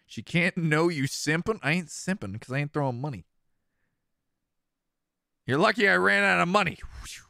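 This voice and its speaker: A thirty-year-old man chats through a let's-play, jokey and quick to laugh. His voice is bright and crisp, and it swings up and down in lively bursts. The sound is close and dry, with no room around it. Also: fairly high pitch, dry recording. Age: 30s. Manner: animated, jokey, laughs often. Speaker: streamer, let's-play host. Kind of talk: casual game commentary, chatting with viewers.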